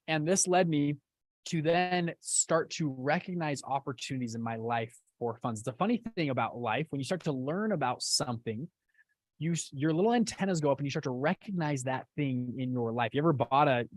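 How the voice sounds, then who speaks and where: A young man who founded a fund company, casually telling a story to an online audience in an animated way and acting out quoted lines. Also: no room sound. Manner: animated, acts out quotes with big jumps in pitch.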